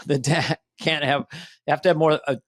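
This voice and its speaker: An older man co-hosting a podcast in casual chat, rambling and animated, often slipping into little voices. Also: a little high, moderate pace, dry recording, clean studio sound. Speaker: podcast co-host.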